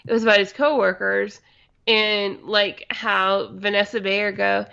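A woman co-hosting a casual podcast chat, talking in a chatty, slangy way with quick quoted asides. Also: medium pitch, level tone, gravelly, bright, forceful tone, clean tone. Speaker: podcast co-host. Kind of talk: casual chat reviewing a comedy show. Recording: slightly dull lo-fi mic.

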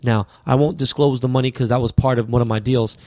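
A man from the US West Coast, a podcast guest, telling stories in an animated, profane, slang-heavy way. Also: mid-range voice, fast talker, no echo, studio quality. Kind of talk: casual storytelling interview.

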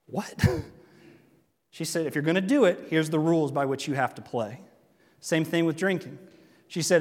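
High-voiced animated male preacher, reverberant hall. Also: moderate pace, long pauses. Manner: animated, jokes and acts out quotes. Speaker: pastor. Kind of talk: sermon.

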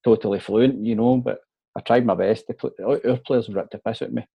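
A man's voice: mid-range voice, steady tone, a little fast, creaky, dull audio, slight background noise. A Scottish man hosting a casual chat, talkative and matey, often calling his guest mate or man.

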